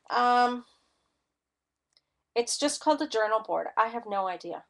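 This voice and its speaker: A woman's voice: fairly high pitch, animated, measured pace, long pauses, a little hiss or hum. A woman teaching a live-streamed mixed media art class, chatty and enthusiastic as she demonstrates. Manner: chatty and enthusiastic, gushing over colors.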